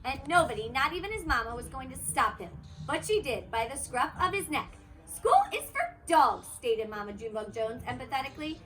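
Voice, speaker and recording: A woman teacher reading a picture book aloud to her students, expressive and animated, putting on voices for the characters. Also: fairly quick, few pauses, poor audio. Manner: animated, voices the characters with big pitch swings. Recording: loud background noise.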